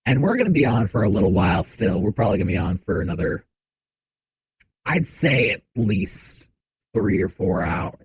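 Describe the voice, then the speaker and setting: A man streaming a game from a home setup, chatting with viewers in a relaxed, joking way into a desk mic. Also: on the low side, moderate pace, vocal fry, husky, dry recording, poor audio. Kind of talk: casual game commentary. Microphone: desk mic on shock mount.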